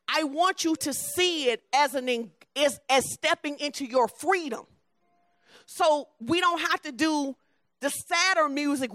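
Woman preacher, conversational sermon; bright, forceful tone, emphatic delivery that drops to a soft low voice. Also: dry recording, studio quality.

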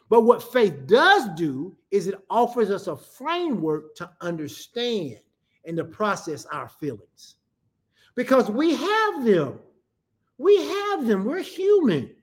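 Animated high-voiced woman preaching. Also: takes it slowly. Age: middle-aged. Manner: preaching with call-and-response to the congregation. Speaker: pastor. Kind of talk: sermon.

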